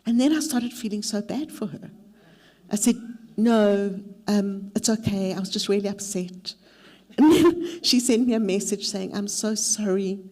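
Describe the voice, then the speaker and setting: A middle-aged woman leads a mentorship workshop in a warm, unhurried, mid-range voice, blending practical advice with a candid, self-deprecating story from her own life.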